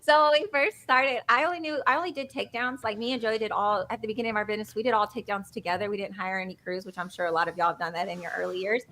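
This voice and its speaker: A woman's voice: medium pitch, rapid-fire, few pauses, slight background noise. A woman telling a business story in casual chat, giggly and acting out what people said. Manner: animated storytelling, giggly, acts out quotes. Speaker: business owner guest.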